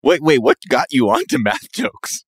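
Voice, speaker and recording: A man's voice: medium pitch, huge pitch swings, normal speed, breathy edge, no echo. Podcast co-host guy, casual jokey chat, bouncy voice, dead dry sound. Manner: joking, riffing, swears casually.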